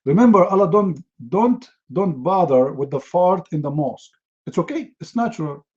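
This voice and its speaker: A man's voice: high voice, animated, normal speed, darkish tone, highs cut off. A man giving a humorous talk, telling stories in a mocking, sarcastic way. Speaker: speaker.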